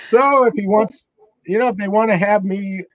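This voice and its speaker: An older man, an author, talking as an interview guest, halting and repeating himself. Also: high voice, dry recording, highs cut off. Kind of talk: casual interview chat.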